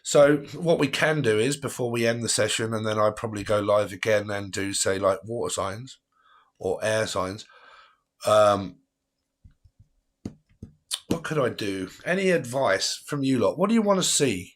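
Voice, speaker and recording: A man who hosts a tarot livestream and chats casually with viewers, rambling and laughing often. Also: fairly low pitch. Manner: rambling, chatty, quick to laugh. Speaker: tarot reader hosting a livestream.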